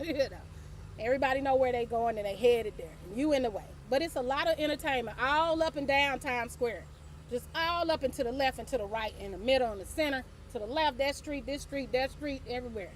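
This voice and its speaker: A woman's voice: high-pitched, brisk, a little hiss or hum. A middle-aged woman hosting her own show, telling a casual story, laughing often and swearing offhandedly. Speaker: host.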